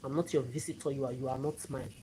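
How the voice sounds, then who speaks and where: A woman rants angrily on a livestream, swearing and repeating herself. Her voice sits low. A steady background noise is clearly heard under her. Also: fast, poor audio. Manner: profane, repetitive, confrontational. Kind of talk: angry livestream rant.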